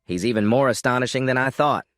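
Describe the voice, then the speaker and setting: A man voicing a sharp-tongued young female student mage who talks in an exasperated, huffy way, in a storybook recap. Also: medium pitch, fast talker, no room sound, clean studio sound, lightly acted.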